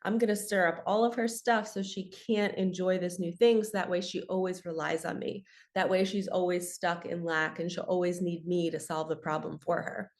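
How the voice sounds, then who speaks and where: A woman's voice: fairly low pitch, steady tone, normal speed, hardly any pauses, lightly acted. A woman voicing her own inner ego as a clingy, panicky voice that plots to keep her stuck. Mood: scheming. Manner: panicky, plotting.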